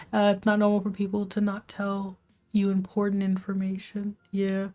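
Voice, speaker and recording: A woman livestreamer vents to her viewers late at night at home. She keeps her voice low, often dropping to a half-whisper, and rambles with frequent restarts and casual swearing. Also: monotone, moderate pace, lo-fi sound. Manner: hushed, half-whispered talk to keep quiet. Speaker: live streamer. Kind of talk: venting storytime on a livestream.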